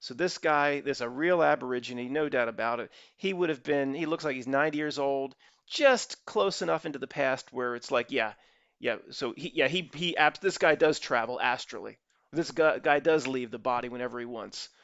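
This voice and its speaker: A man's voice: medium pitch, moderate pace, fairly bright tone, no room sound. A man hosting his own channel, talking in a rambling solo monologue full of restarts and asides to his viewers. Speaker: channel host. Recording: dull lo-fi dry recording.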